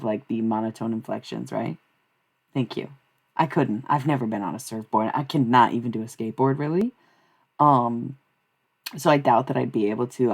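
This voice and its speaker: A rumbling low voice with a breathy edge belongs to a young woman who reads tarot and streams live. Chatting casually with her audience, she is blunt, profane and rambling, alternating between ranting and laughing.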